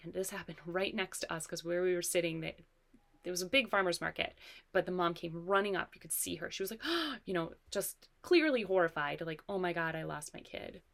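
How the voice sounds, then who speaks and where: A woman's voice: fairly low pitch, fairly quick, gravelly, fairly bright tone. A woman co-hosting a parenting podcast, telling stories in an earnest, reflective way. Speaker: podcast co-host. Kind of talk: casual conversation.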